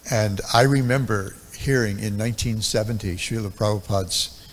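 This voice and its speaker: A man's voice: lowish voice, normal speed, a little hiss or hum. A man in his seventies giving a devotional talk at a temple, telling stories from memory in a reflective way with many ums and uhs. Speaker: temple speaker. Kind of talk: reminiscing devotional lecture.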